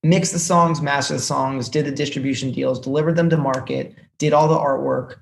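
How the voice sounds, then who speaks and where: Gravelly-voiced man telling stories. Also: mid-range voice, brisk, slight background noise. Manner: animated storyteller, lots of fillers and restarts. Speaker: music business executive, guest. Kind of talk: casual podcast interview.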